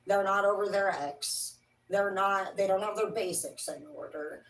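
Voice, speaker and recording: A woman's voice: medium pitch, measured pace, recorded from a distance, a little hiss or hum. A woman livestreaming a casual, rambling monologue, preachy and full of swearing. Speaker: livestream host. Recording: roomy, from the mic.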